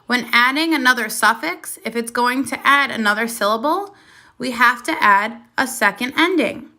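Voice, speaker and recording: A woman's voice: on the high side, normal speed, bright, forceful tone. A woman teaching a first grade lesson on video, who asks the children questions, waits, and then confirms the answers patiently.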